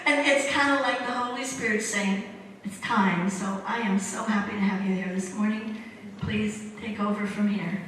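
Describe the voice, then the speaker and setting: A woman's voice: mid-range voice, fairly even intonation, moderate pace, fairly bright tone, slight background noise. A woman leading a church service, introducing the preacher in a chatty, easy-laughing way. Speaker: church leader introducing the speaker. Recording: roomy church hall, distant mic.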